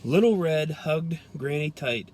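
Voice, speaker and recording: A man reads a children's storybook aloud with gentle, expressive storytelling. His voice sits a little higher than many men's, with a faint hiss of background noise. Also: a little slow. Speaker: police trooper reading aloud.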